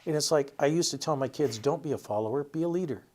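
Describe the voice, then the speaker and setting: A man's voice: on the high side, fast talker, a little mellow. A middle-aged man with a Vermont accent, an author chatting as a guest and telling stories about an old friend with chuckles. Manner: storytelling, chuckles while recounting anecdotes. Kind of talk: casual interview chat.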